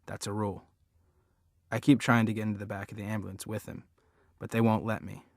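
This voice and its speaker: A man narrates a storybook in the first person, earnest and plain-spoken. His voice sits on the low side, and the recording is dry and close, with no room around it. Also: little pitch movement, fairly quick, no echo. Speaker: audiobook reader.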